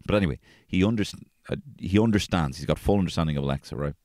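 A man hosting a podcast, telling casual stories about his family, swearing freely and jumping into high-pitched voices when quoting people. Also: quick pace, no room sound, studio quality. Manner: swears freely, animated, acts out quotes in a high voice. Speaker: podcast host. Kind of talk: casual storytelling chat.

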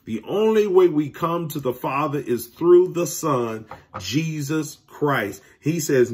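A man's voice: fairly high pitch, expressive, slow, a little mellow, slightly rough. A man teaching a Sunday school lesson to young people, earnest and preacherly, speaking to them directly. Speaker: youth minister. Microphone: recorded alone beside a window.

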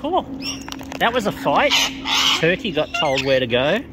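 A woman's voice: low voice, sing-song, a little slow, very noisy. A woman talking playfully to wild birds outdoors while she feeds them, coaxing and teasing them. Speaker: bird feeder, channel host. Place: outdoors in a yard among feeding birds. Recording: loud squawking birds behind.

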